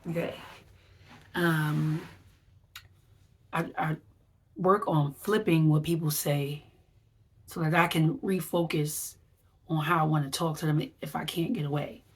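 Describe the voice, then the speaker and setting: A woman's voice: low-pitched, steady tone, measured pace, pauses often, slightly rough. A woman wellness vlogger giving a chatty, rambling recap, acting out her reactions as she talks. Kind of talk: casual vlog recap.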